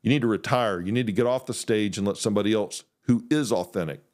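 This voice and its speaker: Blunt, animated man ranting on a podcast. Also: lowish voice, fast. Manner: blunt, animated, mimics others' voices. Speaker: podcast host, former pastor. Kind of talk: opinionated solo podcast talk.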